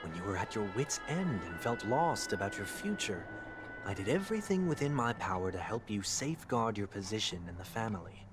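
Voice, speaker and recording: An actor voicing a formal, proud young man seeking atonement, speaking in a measured, orderly way, with music behind. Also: fairly low pitch, very animated. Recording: game audio with loud music behind.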